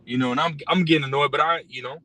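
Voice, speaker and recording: A man's voice: a little high, fairly even intonation, very fast, bright, forceful tone. A man who drives for a rideshare service, ranting bluntly and profanely about scripture, packed with fillers and repeats. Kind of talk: casual religious rant. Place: in a car. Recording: distant mic with faint car noise.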